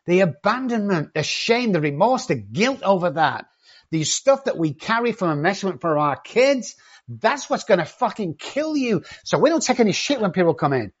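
A cocky, loud-mouthed man who swears freely and doesn't soften anything. His voice is husky, and the recording is a little dull and lo-fi. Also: high-pitched, sing-song, normal speed. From not from England. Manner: profane, cocky and confrontational. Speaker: addiction treatment company owner. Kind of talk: blunt podcast conversation.

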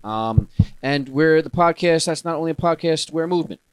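A man co-hosting a casual podcast with his brothers, talking in a hyped way, full of catchphrases and drawn-out exclamations. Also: a little high, clear, resonant tone, no room sound. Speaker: podcast co-host. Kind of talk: casual chat.

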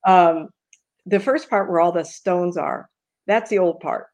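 An older woman with a fairly low voice, chatting casually and breaking in with quick exclamations. She explains things in a plain, matter-of-fact way, like a seasoned tour guide. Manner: lively interjections, explains matter-of-factly. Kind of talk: casual chat.

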